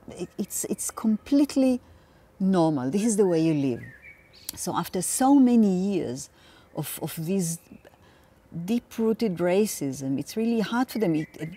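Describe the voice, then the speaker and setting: Earnest Israeli woman in her fifties, halting. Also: medium pitch, warm tone. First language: Hebrew. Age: 50s. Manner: earnest, halting, many restarts and repeats. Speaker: activist interviewee. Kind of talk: interview answer. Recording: voice a bit far from the mic.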